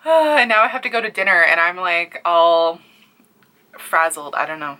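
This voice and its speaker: Young Newfoundland woman, bright and fairly low-pitched, breathless and overwhelmed, casual home vlog. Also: slow pace, long pauses. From Canada. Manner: breathless and overwhelmed, sighing, dropping to near-whispers. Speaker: crochet artist and small business owner.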